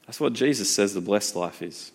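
A man preaching a sermon in a conversational, lively way. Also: lowish voice, normal speed. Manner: conversational, lively, acts out voices.

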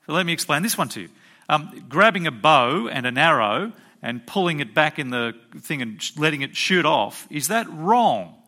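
Preaching a sermon from the pulpit, a pastor speaks in a bright, forceful voice that sits a little high and swings widely in pitch, at a moderate pace. Emphatic and teacherly throughout, he presses his congregation with rhetorical questions.

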